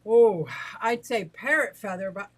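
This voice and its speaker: A middle-aged woman from the United States, out of breath and excitable, chatting casually on a livestream about her fish and greeting viewers. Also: mid-range voice, measured pace, low-quality recording. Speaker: aquarium and exotic pet livestreamer.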